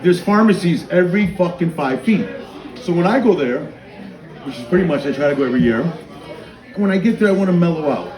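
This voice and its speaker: At an open mic night in a small bar, a stand-up comedian tells crude, profane stories and acts out the dialogue. His voice is a little high and slightly mellow, brisk, with lively intonation. The room echoes, and the audience can be heard reacting in the background.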